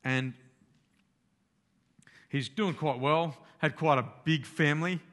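A man's voice: on the high side, slow pace, fairly bright tone. A man giving a sermon, retelling a story in plain, conversational language with everyday slang. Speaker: preacher.

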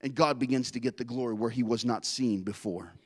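A man preaching a sermon with an intense, driving delivery that swells into loud emphatic rises. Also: mid-range voice, brisk. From not Australian.

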